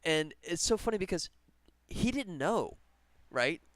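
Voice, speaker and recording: A man's voice: a little high, expressive, measured pace, fairly bright tone, dry recording. A man game developer chatting casually on a live stream while he works, rambling and laughing often. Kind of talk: casual livestream chat while working.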